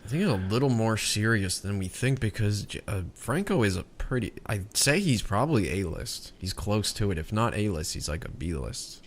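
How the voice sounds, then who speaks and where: A man's voice: lowish voice, very animated, moderate pace, hardly any pauses. A young adult man co-hosting a podcast in casual chat, rambling with frequent laughs and swearing. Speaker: podcast co-host.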